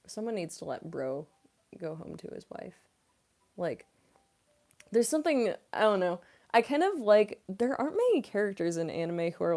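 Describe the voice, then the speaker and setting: A young adult woman who works as a voice actress chats casually during a live-stream Q&A. Her voice is fairly low and warm, and she giggles a lot and fills her speech with "like."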